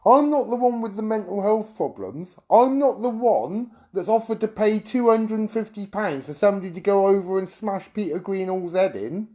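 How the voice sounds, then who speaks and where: Man, middle-aged, from the UK, high-pitched, angry rant, rambling, swearing, talks to viewers. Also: animated, darkish tone. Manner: agitated, rambling, swearing, quick asides to viewers. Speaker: YouTube streamer.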